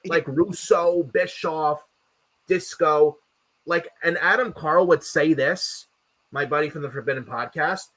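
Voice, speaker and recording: A man's voice: on the high side, measured pace, a bit bright. A man co-hosting a wrestling post-show, ranting in a casual, profane way and repeating himself. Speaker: podcast co-host. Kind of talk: casual wrestling recap chat.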